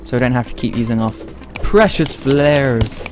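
A young man talks casually and playfully over his game, reading and answering his chat as he goes. His voice sits at an ordinary middle pitch. Game music plays clearly underneath him. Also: monotone, very fast. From Britain. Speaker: streamer playing a game. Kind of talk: casual live-stream commentary. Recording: game music playing behind the voice.

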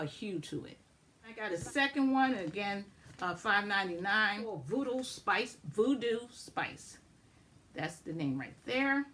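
A woman chatting casually and excitedly to viewers as she shows and swatches makeup finds. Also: mid-range voice. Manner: chatty, excitable, addresses viewers as y'all and guys. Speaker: beauty vlogger. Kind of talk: casual makeup haul review.

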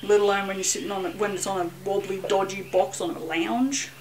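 A woman's voice: medium pitch, fairly even intonation, a little fast, noisy background. A woman talking casually in a rambling, self-mocking way while making soap for her channel, with a bit of light swearing. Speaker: soap maker vlogger. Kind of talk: casual chatty vlog.

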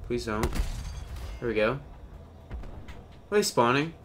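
A man hosting his own gaming channel, giving live gameplay commentary with an excitable manner, loud outbursts and goofy banter. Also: mid-range voice, takes it slowly, over music. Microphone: webcam or desk mic.

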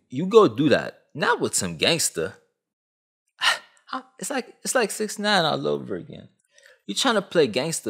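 Young canadian guy ranting on his channel, voice swinging all over, slangy and joking. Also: slightly rough. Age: 20s. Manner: animated, swooping pitch, slangy. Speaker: YouTuber. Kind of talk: comedic commentary rant.

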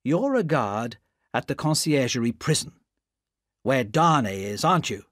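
A man voicing a calm, cool-headed Englishman who speaks smoothly. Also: medium pitch, a little slow, dry recording, studio quality.

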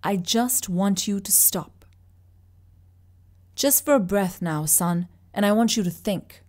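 This is a calm old man from an audiobook, patient and fatherly, talking low and unhurried, as a woman reads him. He stays steady under pressure, at a middle pitch for a woman's voice. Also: lightly acted. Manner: quiet, slow and steady.

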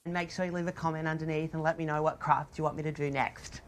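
A woman doing a low-voiced mock YouTuber outro. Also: flat delivery, fast, close to an everyday voice. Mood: mock-cheery.

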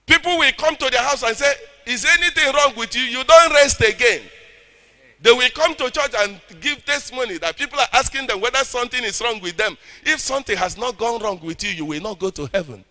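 A man with a Nigerian accent preaching a sermon, fervent, swinging between loud shouting and low intense speech and calling for the audience to respond. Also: animated, fast talker, few pauses.

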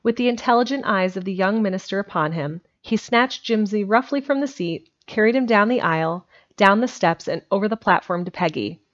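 A woman reading a storybook aloud in a steady, plain way on a home stream. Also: mid-range voice, a little fast. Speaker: amateur audiobook reader. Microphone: home streaming microphone. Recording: dull lo-fi home recording.

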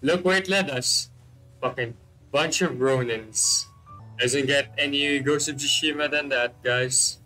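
Bright-voiced, profane gaming commentator man. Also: medium pitch, unhurried, soft background music, rough recording. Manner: excitable, swears constantly, jokes at characters on screen. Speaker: gameplay commentator. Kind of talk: let's-play commentary.

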